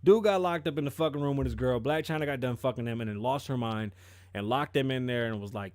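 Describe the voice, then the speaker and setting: A man hosting a podcast, giving casual commentary with profane, animated storytelling. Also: medium pitch, quick pace, no echo, clean studio sound. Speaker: podcast host.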